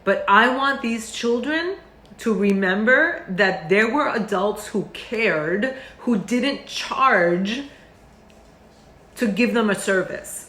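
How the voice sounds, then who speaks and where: A woman's voice: mid-range voice, a bit bright. A middle-aged woman talks with heartfelt earnestness, circling back and restarting her thoughts with plenty of fillers. Her voice sits in a middle register. The recording carries a noticeable roomy echo. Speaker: meditation teacher. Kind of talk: heartfelt talk to camera.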